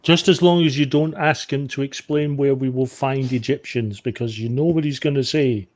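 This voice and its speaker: A man's voice: mid-range voice, normal speed. A man playing a tabletop game, blunt and profane with dry jokes. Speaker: player.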